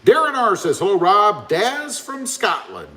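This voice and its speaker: A man's voice: high voice, huge pitch swings, a little slow, music in the background. A man hosting a casual live stream, chatting and reading viewer comments aloud.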